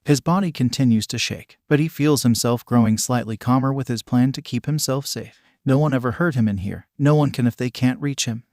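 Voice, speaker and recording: Man, story narrator, mid pitch, dry close sound, steady earnest reading. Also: no echo. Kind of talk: fan fiction story reading.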